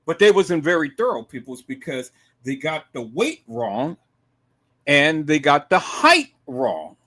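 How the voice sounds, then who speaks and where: Man, live-stream host, high voice, very animated, emphatic, shouts and murmurs. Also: measured pace. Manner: emphatic, repeatedly addresses viewers as "peoples"; swings from low murmurs to loud shouted outbursts.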